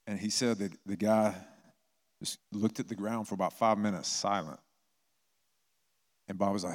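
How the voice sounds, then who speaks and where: A man's voice: low-pitched, fairly even intonation, normal speed, pauses often. A man preaching a sermon as a pastor, telling stories in a conversational way. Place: church. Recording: long reverb of a church hall.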